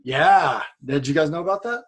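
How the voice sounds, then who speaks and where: A man, a podcast guest, telling a long story in a casual, profane, excitable way over a video call. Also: fairly high pitch, moderate pace, a loud crowd.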